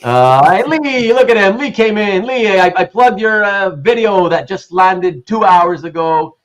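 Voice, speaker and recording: A man's voice: high-pitched, animated, a little slow, fairly bright tone. A man hosting a casual livestream, chatting and reading viewers' messages aloud with frequent laughs. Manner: chatty, laughs often, reads chat aloud. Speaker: livestream host. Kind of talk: casual live-stream chat. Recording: muffled lo-fi stream audio.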